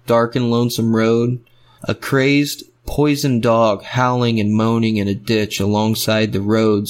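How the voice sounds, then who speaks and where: A man narrating a story in rhythmic, fragmentary phrases. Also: on the low side.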